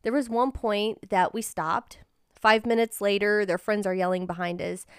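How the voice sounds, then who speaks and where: A woman's voice: medium pitch, fairly even intonation, moderate pace, smooth, no echo, studio quality. A woman hosting a personal storytelling podcast, telling a story in an earnest, encouraging way. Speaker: podcast host and life coach.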